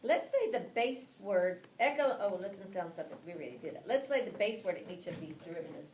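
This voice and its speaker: A woman leading a phonics workshop for teachers, spelling letters out slowly with frequent ums and restarts. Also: mid-range voice, animated, darkish tone. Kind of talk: classroom-style instruction to fellow teachers. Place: classroom. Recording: roomy, distant and noisy classroom recording.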